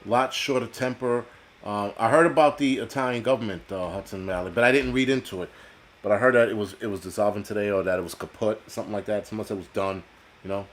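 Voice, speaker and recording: A man's voice: lowish voice, fairly even intonation, fast talker, slight background noise. A man from the United States hosting a live stream, ranting bluntly and profanely as he answers chat. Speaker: host.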